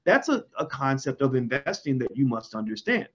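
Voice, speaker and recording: A man commenting in an impassioned monologue, emphatic, with sudden loud high swings. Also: big pitch swings, moderate pace, husky. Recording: dull lo-fi sound.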